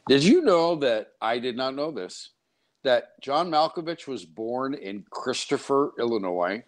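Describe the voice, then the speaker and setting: A man's voice: medium pitch, animated, measured pace. A man hosting a radio talk show from a studio, speaking in chatty, digressive banter. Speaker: radio host.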